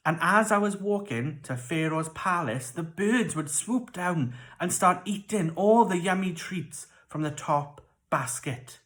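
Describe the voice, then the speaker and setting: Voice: mid-range voice, expressive, measured pace, few pauses, a bit bright, voice pushed up. A children's church storyteller voicing a casual, food-loving male royal baker in a laid-back, chatty way.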